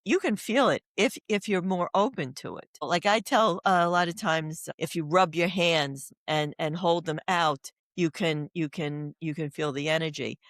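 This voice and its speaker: An older woman who works as an oncology doula speaks as a podcast guest, rambling through stories and anecdotes in a casual, earnest way. Her voice is lowish, at a moderate pace with hardly any pauses. The audio is studio quality with no echo.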